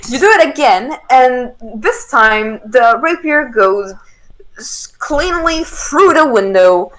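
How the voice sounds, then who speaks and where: A woman's voice: high voice, animated, takes it slowly, a bit bright, low-quality recording. A woman running a tabletop game as dungeon master, rambling and giggling as she narrates.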